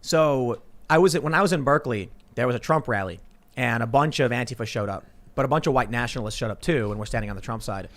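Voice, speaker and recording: Male podcast host, animated storyteller, mid-range voice, restarts his sentences a lot. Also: mid-range voice, quick pace. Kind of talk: casual panel chat.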